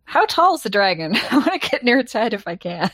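A woman's voice: fairly high pitch, very animated, fairly quick, a bit bright, no echo. A woman playing a tabletop game in an easygoing, giggly way. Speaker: player. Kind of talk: casual tabletop game play.

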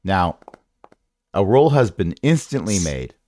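A man's voice: sits low, big pitch swings, slow, dark tone. A man running a tabletop game as game master, rambling and correcting himself with wry asides.

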